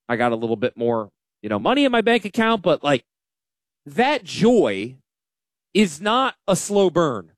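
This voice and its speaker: A man hosting a casual radio talk show as a financial advisor, animated and self-deprecating. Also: high-pitched, moderate pace, no room sound.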